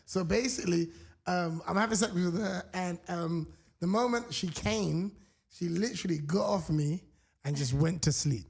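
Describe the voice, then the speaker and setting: A man's voice: sits high, normal speed, vocal fry. A man, a comedian guest on a podcast, telling a story playfully and joking around. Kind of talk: casual podcast chat.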